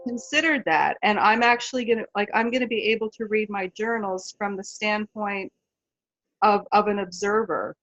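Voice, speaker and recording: A woman's voice: medium pitch, normal speed, fairly bright tone, muffled recording. A woman in a webclass, thinking aloud and thanking the hosts with enthusiasm over a video call. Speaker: webclass participant. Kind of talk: casual chat.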